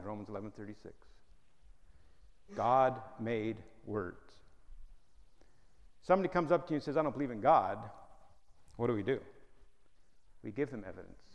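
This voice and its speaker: Gravelly-voiced male preacher in a hall. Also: mid-range voice. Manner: emphatic, humorous preaching with rhetorical questions. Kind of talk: sermon. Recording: hall reverb.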